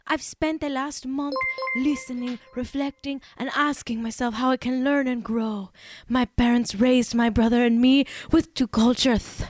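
A woman's voice: on the high side, a little mellow, close to an everyday voice. A woman putting on an exaggerated lisping Spanish-style accent, reading an apology statement in a mock-earnest way.

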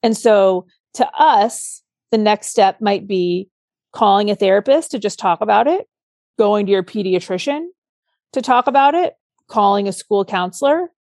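A woman's voice: medium pitch, lively intonation, normal speed, darkish tone, dry recording. A woman co-hosting a podcast, talking casually and earnestly about parenting, walking through examples step by step. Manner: earnest, explains with examples, acts out a child's outburst. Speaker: podcast co-host. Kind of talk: casual advice chat.

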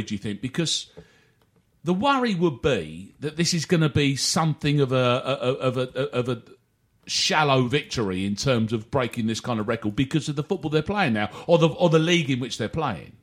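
A man's voice: mid-range voice, expressive, moderate pace. A man hosting a casual football chat, rambling and jokey with many restarts. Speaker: podcast host.

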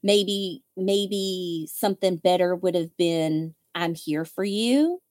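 Speaking slowly in a lowish, darkish voice, a woman who hosts a podcast and is a widow tells candid, wry stories. She imitates others' words in casual conversation, captured in a dry, clean studio recording.

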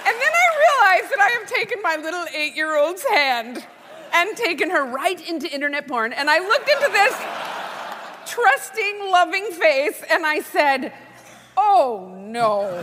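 Lively high-voiced woman comedian on stage. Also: moderate pace, a crowd in the background. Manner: animated, wry, playful asides. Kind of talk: comic storytelling talk on stage. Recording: live hall reverb, faint noise.

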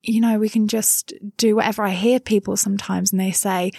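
A woman's voice: mid-range voice, little pitch movement, normal speed, vocal fry, few pauses, mellow, no room sound, studio quality. A woman in her thirties with a southern English accent, chatting frankly and laughing easily in an interview. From England. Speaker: interviewee, mother living abroad. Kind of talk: casual interview chat.

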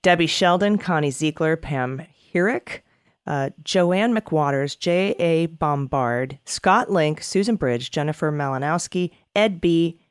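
A woman's voice: low voice, unhurried, clean tone, dry recording, clean studio sound. A woman co-hosting a political podcast, chatty and sarcastic, often laughing as she talks. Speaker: podcast co-host. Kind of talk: casual political podcast chat.

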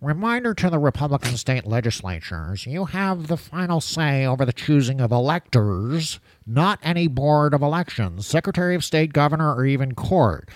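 A man's voice: on the high side, sing-song, normal speed, hardly any pauses, no echo. A man voicing a pompous, blustering male talk-radio host with mock-grandiose delivery.

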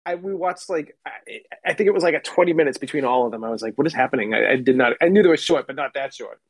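A man talking in a quick, excitable way during a casual podcast chat. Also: fairly high pitch, dry recording.

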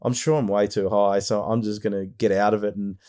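A man's voice: lowish voice, level tone, brisk, dark tone. A man hosting a podcast, chatting enthusiastically and rambling with frequent restarts. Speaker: podcast host. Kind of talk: casual chat.

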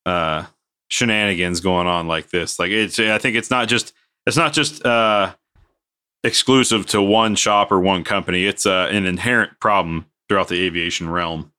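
A man's voice: low voice, moderate pace, clean tone. A man co-hosting a casual podcast, telling a work story and acting out what people said. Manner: animated, acts out quoted dialogue. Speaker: podcast co-host.

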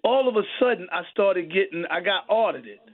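A man's voice: high-pitched, expressive, fairly quick. A man calling in to a radio show, emotional and rambling, restarting his sentences often. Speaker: caller. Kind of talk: radio call-in. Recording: tinny phone line.

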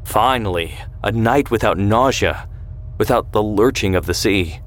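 A man narrating a scripted historical drama in a calm storytelling manner. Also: on the low side, a little slow.

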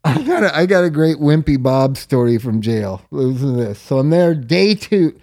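A man's voice: medium pitch, very animated, normal speed, darkish tone. A man in casual conversation, telling rambling stories and swearing freely. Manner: profane, rambling storyteller. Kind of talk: casual chat.

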